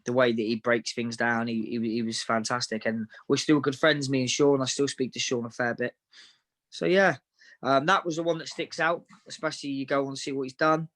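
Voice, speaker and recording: A man recounts his fights in a relaxed, frank interview. His voice sits at an ordinary middle pitch. He talks matter-of-factly and in anecdotes. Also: a little fast. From Devon, England. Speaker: professional boxer, interview guest. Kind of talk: casual interview storytelling.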